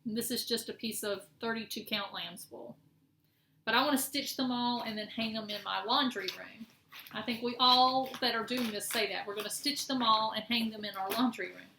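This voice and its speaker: A middle-aged woman speaks at normal speed in a fairly high, creaky voice that's bright and forceful. She rambles and corrects herself during a casual cross-stitch show-and-tell vlog, recorded in an echoey room with faint noise.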